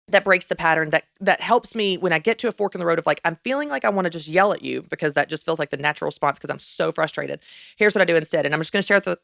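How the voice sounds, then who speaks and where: A woman hosting a faith-based parenting podcast, chatting in an upbeat, lively way and laughing often. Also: lowish voice, gravelly, dry recording, clean studio sound. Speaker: podcast host.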